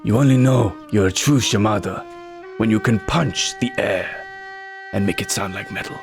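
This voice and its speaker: A man's voice: on the low side, huge pitch swings, normal speed, music in the background. An actor playing a stern, proud male warrior archer in a video game, speaking in short, solemn lines.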